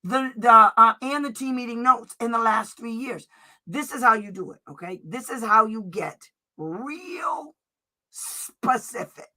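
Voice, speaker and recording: A woman's voice: fairly high pitch, a little slow, pushed and bright. A woman advocate giving an informal lesson, emphatic and direct, reading letter passages aloud and checking in with "okay?". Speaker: special education advocate. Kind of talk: informal teaching presentation.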